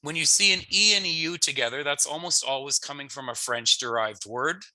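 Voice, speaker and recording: A man with a Canadian English accent teaching a pronunciation lesson in a relaxed, explanatory way, sometimes laughing at himself. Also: on the high side, brisk, dry recording. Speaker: language teacher.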